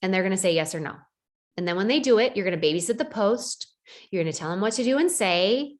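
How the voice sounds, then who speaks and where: A woman coaching her team in a lively motivational talk, dropping in lots of "like" and "right?". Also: medium pitch, fast talker. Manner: animated, acts out quoted voices, frequent "like" and "right?". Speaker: network marketing team leader.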